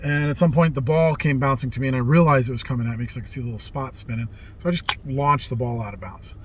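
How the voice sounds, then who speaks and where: A man's voice: medium pitch, quick pace, a bit bright, slight background noise. A middle-aged man casually telling rambling stories from his youth, livening up when he quotes people. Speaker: vlogger telling life stories. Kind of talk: casual storytelling.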